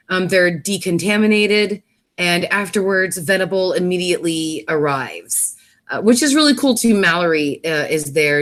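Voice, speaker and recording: A woman hosting a casual episode review, recapping the plot with many fillers and self-corrections. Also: fairly low pitch. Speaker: host.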